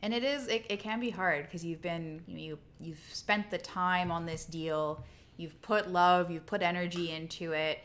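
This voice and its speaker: A woman's voice: fairly low pitch, fairly even intonation, moderate pace, fairly bright tone. A woman co-hosting a casual livestream chat, talking in a conversational way with frequent restarts. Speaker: co-host.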